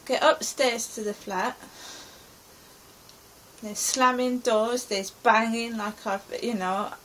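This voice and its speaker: A woman's voice: on the high side, steady tone, takes it slowly, a bit bright, a little hiss or hum, low-quality recording. A middle-aged woman from England giving an anxious, rambling account of her day as a personal diary. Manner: anxious, rambling present-tense retelling. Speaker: vlogger.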